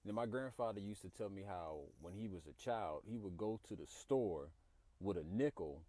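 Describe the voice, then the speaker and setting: A man's voice: low voice, lively intonation, moderate pace, mellow, dry recording. A man giving earnest, explanatory commentary on the cost of living. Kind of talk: reflective commentary to camera.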